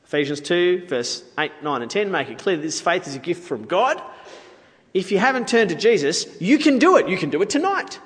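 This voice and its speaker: A man delivers a sermon in a relaxed, chatty way, with playful asides to his listeners. His voice sits a little high and swings widely in pitch. The sound carries a long hall reverb. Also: fairly quick. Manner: conversational, playful asides to the audience. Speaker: preacher.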